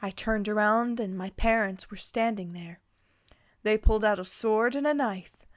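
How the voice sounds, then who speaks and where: A woman's voice: mid-range voice, normal speed, no echo, clean studio sound. A young woman reading fan fiction aloud, breaking in with giggles and sarcastic asides. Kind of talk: dramatic reading with comic asides.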